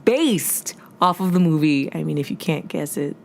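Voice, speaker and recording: A woman's voice: low voice, lively intonation, normal speed, vocal fry. A woman co-hosting a podcast in casual chat, giggly and rambling as she tells stories. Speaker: podcast co-host.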